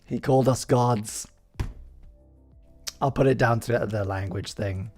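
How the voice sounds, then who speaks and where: A man's voice: mid-range voice, measured pace, a little mellow, soft background music. A man in his thirties hosting a live stream, chatting casually with joking, self-deprecating asides. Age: 30s.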